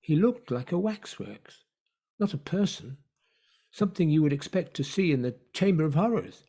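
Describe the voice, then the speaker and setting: A man narrating a story in an online play reading, measured and hushed. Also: fairly high pitch, animated, gravelly.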